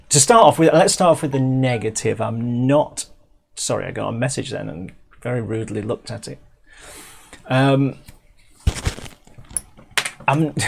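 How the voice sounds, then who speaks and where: This middle-aged man from England has a gravelly, darkish medium-pitched voice, heard over slight background noise as he casually reviews a music video. He chats loosely, cutting himself off, restarting, and filling gaps with ums.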